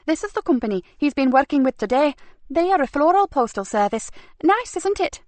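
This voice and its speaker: A woman's voice: sing-song, brisk, a little mellow, dry recording. A woman voicing a fussy, protective middle-aged wife who keeps the accounts, speaking in a prim, emphatic, raised voice. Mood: eager, chatty. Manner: prim, emphatic, slightly high.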